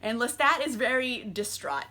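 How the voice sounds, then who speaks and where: A tipsy woman racing through a casual book recap, swearing freely and breaking into laughter. Her voice is bright and a touch high, with a lively, animated delivery. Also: normal speed. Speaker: book reviewer.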